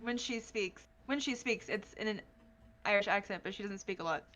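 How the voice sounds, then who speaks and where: A woman playing in a tabletop game, relaxed and often laughing. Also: medium pitch, normal speed. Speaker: player. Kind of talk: casual tabletop game chat.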